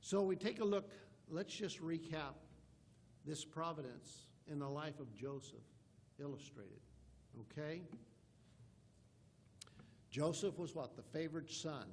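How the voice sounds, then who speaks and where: A man's voice: on the high side, slow, vocal fry, pauses often, a little hiss or hum. A man, a pastor, preaching an emphatic sermon and reading scripture aloud in old-fashioned wording from a church sanctuary.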